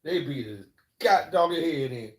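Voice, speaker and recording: A man's voice: a little high, lively intonation, a little slow, reverberant. Rambling, profane man telling stories. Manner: rambling, profane, keeps asking "you know what I'm saying". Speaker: live streamer. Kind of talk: casual storytelling.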